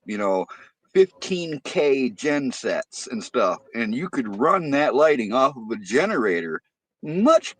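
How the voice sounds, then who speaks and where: A man's voice: medium pitch, a bit bright, breathy edge, dry recording. A man on a podcast telling a story in casual, profanity-heavy talk, getting heated as he goes.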